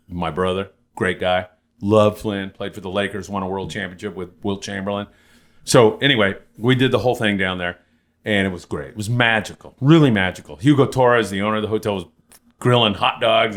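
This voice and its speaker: An older man hosting a casual podcast chat, telling animated stories with some casual cursing. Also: lowish voice. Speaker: podcast host.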